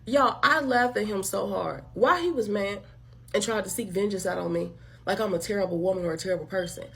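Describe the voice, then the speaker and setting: A woman's voice: medium pitch, a little fast, gravelly, fairly bright tone, a little hiss or hum. Woman host going off on a rant, blunt and profane, keeps saying y'all to viewers. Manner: blunt, emphatic, profane, addresses listeners as y'all. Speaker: channel host. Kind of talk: direct-to-camera commentary rant.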